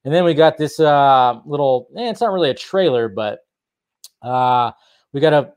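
A man hosting a casual solo movie-news vlog, rambling and excitable, swearing freely as he talks. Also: mid-range voice, moderate pace, smooth. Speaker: online movie news host.

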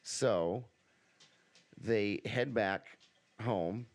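A man's voice: on the low side, extremely slow. A man hosting a casual podcast, reading a story aloud to his friends. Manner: reads a story aloud, breaks into laughter.

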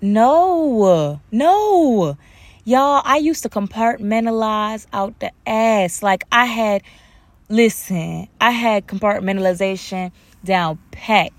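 In a mid-range voice that runs a little slow, captured in a dry recording, a woman hosts her own podcast with an African American English accent. Her talk is casual and lively, and she slips into playful voices to quote others.

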